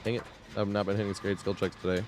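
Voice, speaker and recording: A man's voice: lowish voice, little pitch movement, quick pace, darkish tone, slight background noise. A man streaming live gameplay, talking casually and swearing, humming and muttering to himself as he plays at home. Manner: casual, swearing, hums and mutters while playing.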